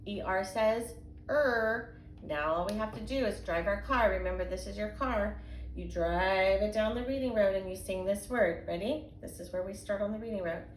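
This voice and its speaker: Sing-song teacher in an echoey room. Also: female voice, medium pitch. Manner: patient, sing-song teacher talk with slow sounded-out words. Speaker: kindergarten and first grade teacher. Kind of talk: recorded phonics reading lesson for young children. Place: home, indoors. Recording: echoey room with faint background hum.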